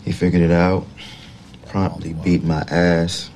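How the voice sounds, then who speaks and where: A bitter film character, very deep voice, slow curt delivery, weary, faint ambient noise behind. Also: male voice, little pitch movement, a little mellow. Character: bitter man betrayed and beaten by a friend. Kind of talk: film dialogue.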